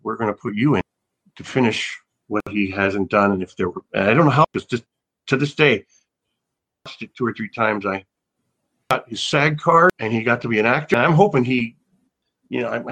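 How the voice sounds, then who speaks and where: A man's voice: medium pitch, a little fast, long pauses, fairly bright tone. An older man, an actor guest, telling anecdotes in a casual interview, rambling with frequent restarts. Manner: rambling, restarts often, laughs.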